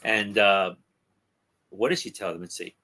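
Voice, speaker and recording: A man on a talk podcast casually retelling a comic's story, halting with ums and restarts. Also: on the low side, bright, forceful tone, a little hiss or hum. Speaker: podcast co-host discussing comics.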